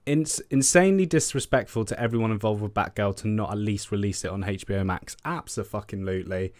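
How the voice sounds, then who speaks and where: A man's voice: fairly low pitch, brisk, dry recording. Exasperated, swearing man. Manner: exasperated, swears often, repeats himself. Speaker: film news vlogger. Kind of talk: casual ranting commentary.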